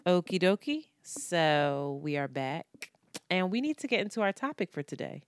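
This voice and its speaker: A woman's voice: fairly low pitch, sing-song, normal speed, clean tone, no room sound, clean studio sound. A woman co-hosting a podcast in casual chat, teasing, laughing often and swearing freely. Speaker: podcast co-host.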